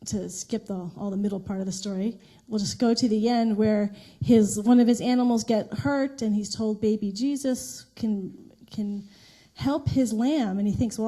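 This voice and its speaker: A middle-aged woman minister giving a sermon in a conversational storytelling way, with restarts and soft laughs. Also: mid-range voice. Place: church sanctuary.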